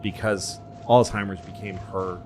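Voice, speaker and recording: Low-voiced man telling rambling stories. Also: steady tone, unhurried, faint music behind. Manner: rambling, profane, jumps into impressions. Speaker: podcast co-host. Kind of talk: casual storytelling chat.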